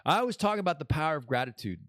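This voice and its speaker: A man's voice: on the high side, very animated, rapid-fire, fairly bright tone, no room sound, studio quality. A man hosting his own podcast in a casual, rambling monologue that drifts between topics and laughs at his own jokes. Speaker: podcast host.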